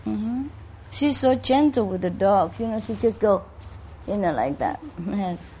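Leading a gathering at a spiritual center, a woman talks casually with a live audience in her mid-range, very animated voice, keeping a measured pace and a dark tone. She teases people playfully, coos fondly at her pets and speaks English with loose non-native grammar. The noisy recording catches an indoor room full of listeners.

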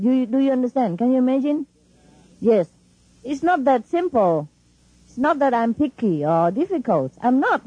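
A woman's voice: a little high, mellow, slightly rough, no room sound, highs cut off. A woman spiritual teacher talking informally and emphatically to her followers, laughing often and speaking in non-standard English.

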